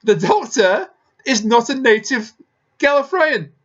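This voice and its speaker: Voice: mid-range voice, very animated, unhurried, a bit bright. A podcast host in casual chat, laying out arguments step by step while reviewing an episode. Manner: explanatory, lays out arguments step by step. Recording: slightly dull, lo-fi mic.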